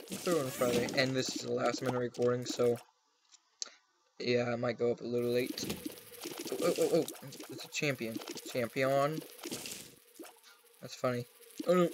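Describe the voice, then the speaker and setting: A man's voice: mid-range voice, moderate pace, long pauses. A young man casually commenting on the video game he is playing, chatty and goofy, talking to his pets at home. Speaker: gaming channel host. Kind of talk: casual let's play commentary. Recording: noisy home recording.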